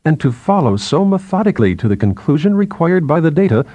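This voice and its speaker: A man's voice: very animated, a little fast, warm tone, no echo. A man voicing an anxious young male assistant professor who speaks in a strained, agitated way. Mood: distressed. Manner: agitated, strained, rising in pitch.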